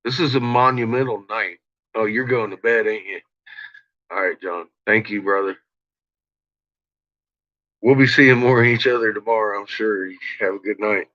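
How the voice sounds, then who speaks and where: A man's voice: lowish voice, sharp tone. A man ranting and swearing in frustration on a casual livestream, talking to his viewers. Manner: frustrated, swearing, slow rambling talk. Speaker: livestream host. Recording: dull lo-fi sound with faint noise.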